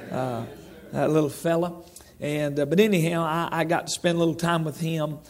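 Preacher guy, middle-aged, high pitched, rambly folksy sermon talk w lots of restarts. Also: fairly even intonation, normal speed. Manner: folksy and rambling, with many restarts and asides to the congregation. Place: church sanctuary.

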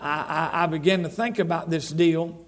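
A man's voice: on the high side, fairly even intonation, moderate pace. A middle-aged man preaching a sermon in a church, folksy and rambling, with lots of restarts and asides to the congregation. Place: church sanctuary.

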